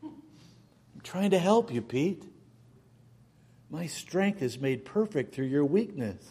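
A preacher voicing God, hushed and tender. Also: male voice, fairly high pitch, big pitch swings, takes it slowly, slightly rough, heavily acted. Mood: gentle. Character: God, calm gentle patient male deity.

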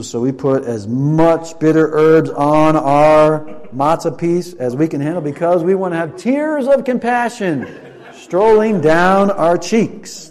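A man's voice: fairly high pitch, darkish tone. A man preaching in a church, leading a Passover demonstration and joking playfully with volunteers. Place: church sanctuary.

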